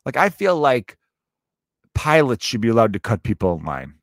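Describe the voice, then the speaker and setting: A man's voice: medium pitch, very animated, moderate pace, no echo, clean studio sound. A middle-aged man telling a rambling, profane comic monologue, breaking into mocking voices for the people in his stories. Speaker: comedian.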